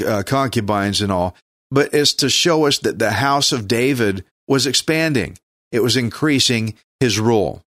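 A man's voice: medium pitch, fairly bright tone, no room sound, studio quality. A man from Texas with a Texan accent, teaching the Bible on a radio show in a casual, folksy, joking way, sometimes stumbling over names.

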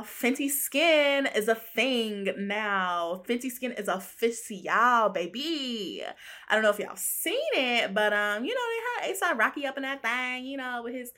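A woman's voice: a little high, bright, forceful tone. A woman hosting a casual solo podcast, chatty and slangy, laughing often and calling listeners honey. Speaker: podcast host. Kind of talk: casual solo pop-culture chat.

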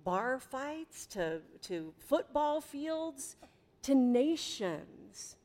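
A middle-aged woman preaching a sermon in a conversational way, with dramatic pauses and big swings in volume. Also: high-pitched, big pitch swings, a little mellow. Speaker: pastor.

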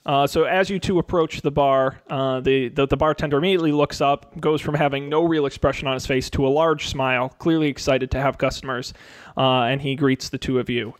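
A young man narrating as game master, halting and filling pauses as he describes the scene. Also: mid-range voice, fairly even intonation, no room sound, clean studio sound. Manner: halting, full of fillers and restarts.

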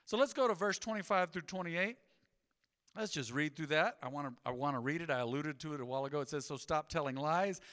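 High, bright-voiced preaching man. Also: fast, long reverb tail. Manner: energetic, conversational preaching with asides. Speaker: pastor. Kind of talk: sermon. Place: church sanctuary.

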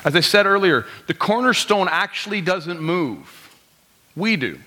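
A man's voice: high-pitched, animated, measured pace, bright, forceful tone. Conversational man preaching in a reverberant hall. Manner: conversational preaching, rhetorical questions, quotes people in voices. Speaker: pastor. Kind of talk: sermon. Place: church sanctuary.

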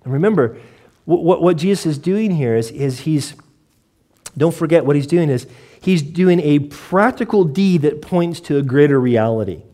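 A male pastor delivering a sermon to his congregation, lively and joking, often asking rhetorical questions. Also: a little high, moderate pace. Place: church before a congregation.

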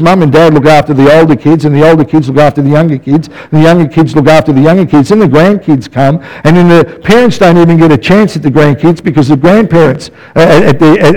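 A pastor delivers a conversational sermon to his church, frequently checking in with the congregation by asking "yeah?". His voice is fairly high and a little mellow, and the recording is low quality.

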